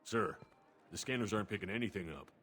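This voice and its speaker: An actor playing a deferential male security guard giving quick, clipped reports. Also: fairly low pitch, lively intonation, fairly bright tone, slightly rough, faint music behind.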